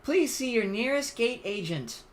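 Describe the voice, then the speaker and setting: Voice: mid-range voice, expressive, voice pushed up, lightly acted. Streamer putting on a polished airline announcer voice. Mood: formal. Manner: formal, measured announcement delivery. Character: polite airline gate announcer. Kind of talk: mock airport announcement.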